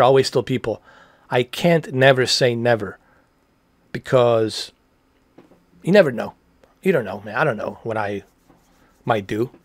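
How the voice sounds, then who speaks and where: A man in his forties chats loosely on a livestream, rambling and friendly with casual slang. His voice sits at a middle pitch. The sound is dry and close, with no room echo. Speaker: livestream host answering TV questions.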